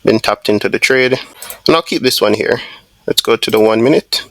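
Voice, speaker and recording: Gravelly-voiced man talking through a trade. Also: fairly low pitch, normal speed, dry recording. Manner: casual, thinking aloud with many fillers and restarts. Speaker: trading video host. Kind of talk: live screen-share trade commentary.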